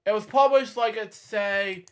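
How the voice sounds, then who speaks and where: A man's voice: high-pitched, unhurried, a bit bright. A man in his twenties, hosting a reaction video, rambling in casual commentary and muttering to himself while he searches. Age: 20s.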